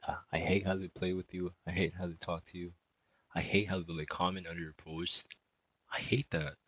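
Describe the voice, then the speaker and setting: A distraught young male student in an emotional spoken monologue, rambling and halting, with many sighs and fillers. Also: deep voice, a bit bright, husky, rough recording.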